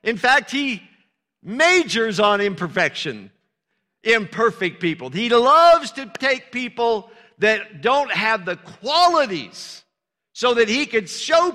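A man's voice: high voice, very animated, slow, bright, forceful tone. An older man, a pastor, preaching a sermon in a conversational way, often calling out "Amen" and making jokes at his own expense. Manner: conversational preaching, frequent "Amen" calls, self-deprecating asides. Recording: long reverb of a large hall.

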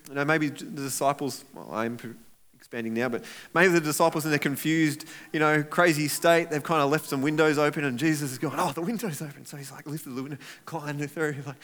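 A man preaching a sermon as pastor, animated and acting out voices of people in the story. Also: fairly high pitch, brisk.

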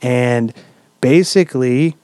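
A man hosting a podcast, telling a story in a relaxed, chatty way with lots of "um"s and casual swearing. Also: medium pitch, slow, no echo. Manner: relaxed, swears freely, many "um"s. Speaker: podcast host.

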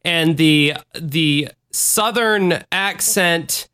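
A man co-hosting a podcast in casual, animated chat, often mimicking voices. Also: drawn-out words, clean tone. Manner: animated, mimics voices with big jumps in pitch. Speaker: podcast co-host.

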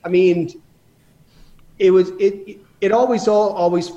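A man's voice: high-pitched, fairly even intonation, takes it slowly, warm tone, highs cut off. A man telling rambling stories about running his business in a casual interview, with many restarts. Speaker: guest.

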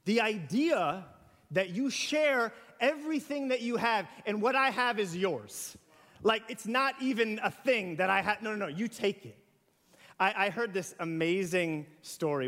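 High-pitched guy preaching, chatty, acting out little examples, big church echo. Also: moderate pace, fairly bright tone. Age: young adult to middle-aged. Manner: conversational, with rhetorical questions and acted-out examples. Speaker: pastor. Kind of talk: sermon. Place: church sanctuary. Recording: hall reverb.

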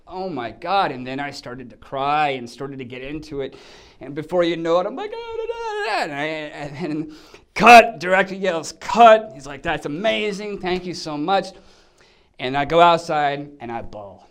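A man telling a lively anecdote about his acting work, acting out the scenes as he goes. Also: mid-range voice. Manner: animated storytelling, acts out scenes. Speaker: actor telling a set story. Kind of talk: casual anecdote.

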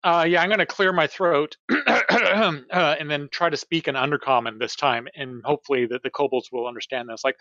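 A man's voice: medium pitch, fairly even intonation, brisk, bright, forceful tone, no room sound, muffled recording. A man playing a tabletop role-playing game, grandly and theatrically speaking in character. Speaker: player.

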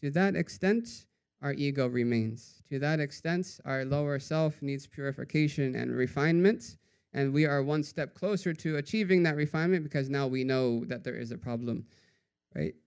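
A man giving a storytelling sermon in a conversational way, often adding "right?" and dropping to a hushed voice for quoted sayings. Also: mid-range voice, normal speed, clean tone. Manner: conversational, says "right?" after nearly every phrase. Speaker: religious teacher.

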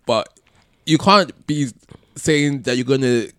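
A man telling a long personal story on a podcast, full of restarts and soft laughs. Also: mid-range voice, slow pace, smooth, no room sound. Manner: rambling, many restarts, laughs between phrases. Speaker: podcast co-host. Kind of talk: casual storytelling chat.

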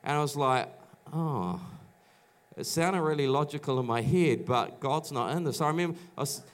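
A middle-aged pastor from New Zealand preaches in a loose, conversational way, stopping and restarting as he acts out the voices in his own stories. His voice sits a little higher than most men's. He talks to a church audience. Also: moderate pace. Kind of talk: sermon with personal testimony. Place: church auditorium.

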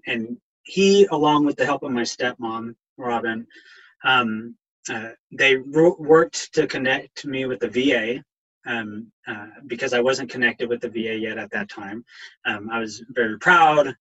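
A middle-aged man, a counselor and veteran, telling his recovery story with halting ums and a voice that catches with emotion. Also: medium pitch, bright, forceful tone, rough recording.

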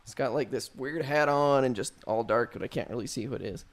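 A man's voice: mid-range voice, fairly quick. Young man telling a story, swearing casually. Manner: loose, profane storytelling full of "like". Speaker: storyteller among friends. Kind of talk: casual chat.

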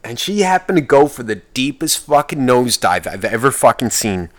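A young man vlogging in a rambling, profane rant, his voice swinging widely up and down as he fires off complaints. He restarts sentences and swears in almost every line, flaring into loud outbursts before dropping back to a muttered aside. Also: medium pitch, sing-song, normal speed, no echo.

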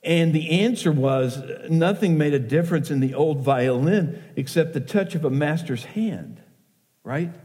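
A middle-aged male pastor preaches slowly and earnestly, his voice mellow and a touch high for a man. He reads verse with quiet feeling. His words ring out with the long reverb of a church hall. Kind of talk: sermon with poetry reading. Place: church sanctuary.

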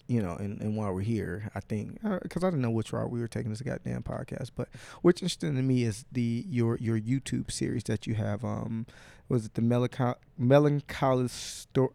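A man's voice: medium pitch, moderate pace, vocal fry, no echo. A man hosting a casual podcast, telling stories with lots of swearing and acted-out quotes. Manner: profane, animated storytelling with put-on quotes. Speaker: podcast host.

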